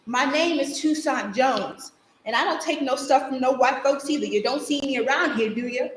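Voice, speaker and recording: A woman's voice: sits high, moderate pace, slight background noise, lightly acted. A woman voicing a brash, teasing young boy from the neighborhood in a live stage monologue. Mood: cocky. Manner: brash, teasing street talk. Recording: echoey live stage recording.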